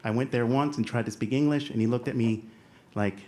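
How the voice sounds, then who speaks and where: A young American man with a light Southern accent tells a funny, self-deprecating personal story on stage, acting out the voices of people he quotes. His mid-range voice is mellow and fairly quick, with a slight hiss or hum in the recording.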